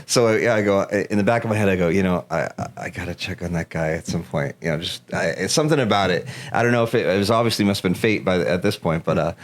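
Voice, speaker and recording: A man in his thirties with a fairly low voice tells a story as a podcast guest. He is animated, laughs often and acts out the dialogue as he goes. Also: quick pace, hardly any pauses. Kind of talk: casual storytelling.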